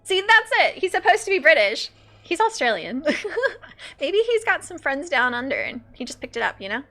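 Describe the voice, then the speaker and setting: Giggly, high-voiced woman streamer. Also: normal speed. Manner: giggly, chatty, animated. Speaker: streamer playing a game. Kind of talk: casual gameplay commentary.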